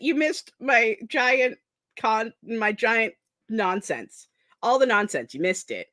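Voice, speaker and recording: Taking it slowly, a young streamer with a fairly high, lively voice chats casually with viewers during a productivity stream; her tone sounds pushed and bright. Running on little sleep, she rambles, drifts, runs herself down and laughs often, in dry studio-quality audio.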